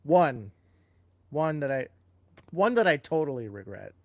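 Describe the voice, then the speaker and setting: A man co-hosting a casual live Q&A, rambling through behind-the-scenes stories with plenty of ums and restarts. His voice sits a touch high. The sound is close and dry. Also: big pitch swings, unhurried, dry recording. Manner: chatty anecdotes with filler and restarts. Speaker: co-host and TV producer.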